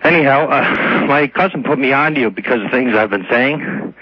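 A man's voice: mid-range voice, breathy edge, no room sound. Hesitant Cape Breton man calling in. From Cape Breton Island, Nova Scotia. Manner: halting, hesitant, earnest. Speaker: radio caller. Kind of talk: phone-in conversation. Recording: dull lo-fi broadcast sound.

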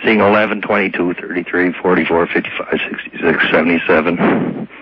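A man with a Cape Breton accent calling a radio show, speaking in a halting, earnest, hesitant way. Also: low-pitched, steady tone, slightly rough. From Cape Breton Island, Nova Scotia. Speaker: radio caller. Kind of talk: phone-in conversation. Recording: dull lo-fi broadcast sound.

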